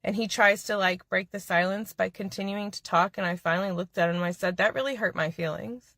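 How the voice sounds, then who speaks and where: Earnest female storyteller, bright tone. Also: medium pitch, fairly even intonation, a little fast, no echo, studio quality. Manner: earnest, confiding. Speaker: social media storyteller. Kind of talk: personal storytelling.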